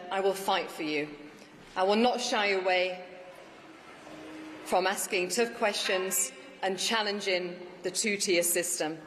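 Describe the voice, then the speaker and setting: A woman who has just been elected mayor addresses an audience in a large hall with a rousing, emphatic victory speech. Her voice is mid-range, and the echoey recording carries faint ambience plus a little hiss or hum.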